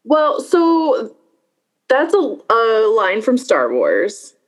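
A woman co-hosting a casual chat, wry and quick to laugh as she retells scenes. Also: on the high side, wildly swooping pitch. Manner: wry, laughs easily, storytelling. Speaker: podcast co-host.

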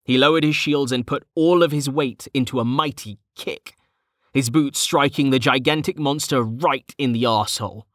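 A man narrating a fantasy novel in a steady, measured storytelling voice. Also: mid-range voice, no echo, studio quality. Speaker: audiobook narrator.

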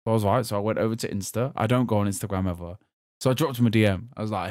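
A man from England on a gaming podcast, telling a long story in a casual, animated way and laughing as he goes. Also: fairly low pitch, very fast, no echo, studio quality. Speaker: podcast host. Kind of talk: casual chat.

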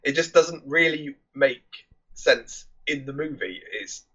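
A man's voice: medium pitch, expressive, takes it slowly, sharp tone, lo-fi sound. A man co-hosting a movie review podcast, rambling casually, hunting for names and swearing offhand. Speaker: podcast co-host.

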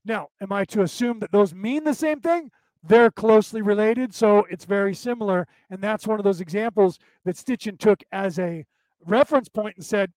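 A man's voice: high voice, normal speed, a little mellow, no room sound, rough recording. A man hosting a podcast class, giving an informal, rambling lecture full of fillers and restarts, blunt and at times profane. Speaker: podcast host teaching a class.

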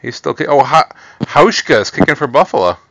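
A man's voice: fairly high pitch, expressive, a little fast, vocal fry, a bit bright, no echo. A man co-hosting a fantasy football podcast, chatting casually and upbeat while announcing his draft picks. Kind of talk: casual chat during a live draft. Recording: dry, dull lo-fi recording.

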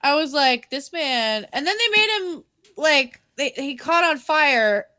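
A woman's voice: high-pitched, a little slow. A woman co-hosting a podcast, chatting casually and retelling scenes with lots of swearing. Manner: animated storytelling, swears freely, acts out quotes. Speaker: podcast co-host. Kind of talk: casual chat recapping an anime.

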